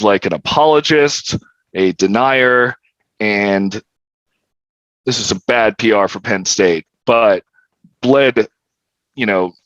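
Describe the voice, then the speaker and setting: A young man with a lowish, dry voice tells a story on a podcast, candid and wry, swearing freely. The sound is a little dull and lo-fi. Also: a bit bright, no echo. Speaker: podcast guest. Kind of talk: casual storytelling.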